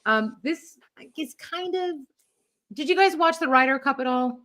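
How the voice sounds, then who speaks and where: A woman co-hosting a sports podcast in casual chat. Her voice sits a little high and she talks in quick, animated asides. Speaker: podcast co-host.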